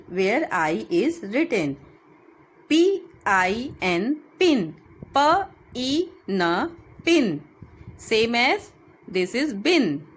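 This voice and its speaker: A woman's voice: on the high side, husky. A woman teaching children a phonics lesson, spelling words letter by letter and repeating each one.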